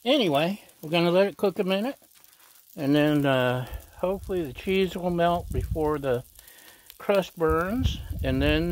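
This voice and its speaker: A man's voice: a little high, expressive, moderate pace. A man hosting a casual cooking vlog outdoors at a griddle, chatty and jokey, teasing the viewer with repeated little asides. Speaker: cooking channel host. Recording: loud griddle sizzle behind voice.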